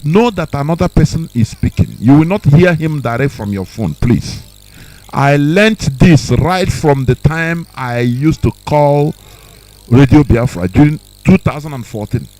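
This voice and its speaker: A man runs a live call-in radio program in a dark, mellow voice. He talks sternly to his callers, repeating words and lecturing them on manners. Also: a little high, poor audio. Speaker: radio host.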